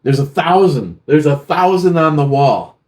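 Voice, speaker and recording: A man's voice: on the high side, lively intonation, a little slow, a little mellow. A man co-hosting a casual beer show, recounting stories in an easygoing way with bursts of quoted exclamations. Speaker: co-host of a beer review show. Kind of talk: casual banter, storytelling.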